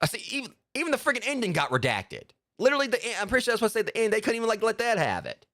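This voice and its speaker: A man streaming a video game, giving sarcastic commentary and jumping high in pitch when exasperated. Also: wildly swooping pitch, very fast, sharp tone, dry recording, studio quality. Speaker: gaming streamer. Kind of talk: live gameplay commentary.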